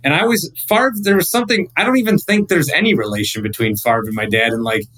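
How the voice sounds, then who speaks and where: Man in his thirties, radio host as podcast guest, lively rambling storyteller, slightly higher voice. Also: fast, rough recording. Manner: animated, rambling storyteller with frequent restarts. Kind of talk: casual podcast chat.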